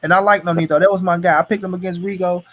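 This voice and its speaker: A man with a high-pitched voice hosts a casual boxing live stream. He rants heatedly and swears constantly as he complains about fight start times. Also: steady tone, racing, noisy background. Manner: profane, heated ranting. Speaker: host of a boxing talk stream.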